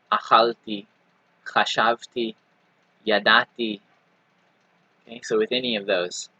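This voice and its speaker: A man teaching a recorded language lesson, patiently explaining and repeating example words slowly with frequent "right?" and "okay.". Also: on the low side, bright, forceful tone, slightly rough, dry recording, rough recording. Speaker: Hebrew teacher.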